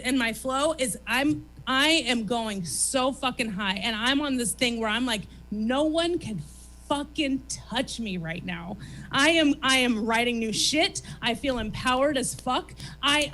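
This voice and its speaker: A woman in her thirties speaks with a high, bright, ringing voice. She talks bluntly and emphatically, peppering her talk with swearing, as a comedian guest on a comedy theater stage. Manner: emphatic, profane, rapid-fire. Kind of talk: candid confessional talk.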